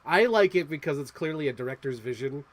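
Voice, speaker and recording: A young man co-hosting a casual movie chat, playful and quick to act out quotes with a laugh. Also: a little high, expressive, poor audio. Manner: playful, jumps into quoted voices, frequent laughs. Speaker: co-host.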